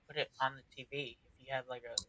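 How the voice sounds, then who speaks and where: A young man chatting casually on a podcast, teasing the others with quick interjections. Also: mid-range voice, flat delivery, bright, forceful tone, no room sound, poor audio. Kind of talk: casual chat.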